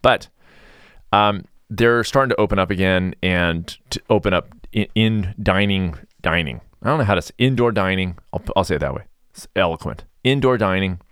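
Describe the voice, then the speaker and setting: Mellow, sarcastic male podcast host. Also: deep voice, normal speed, smooth, no room sound, clean studio sound. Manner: chatty, rambling, sarcastic. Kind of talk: casual podcast monologue.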